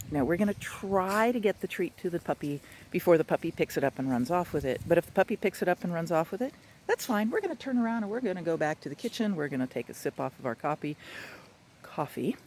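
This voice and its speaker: A man working as a dog trainer, giving an instructional talk in a chatty, animated way with playful asides. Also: fairly high pitch, noisy background.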